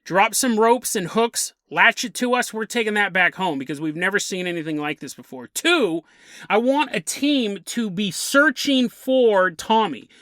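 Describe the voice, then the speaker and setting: A man voicing a commanding ship captain who gives orders briskly, in a plain voice close to his own. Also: sits high, lively intonation, fairly bright tone, dry recording. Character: gruff male ship captain giving orders.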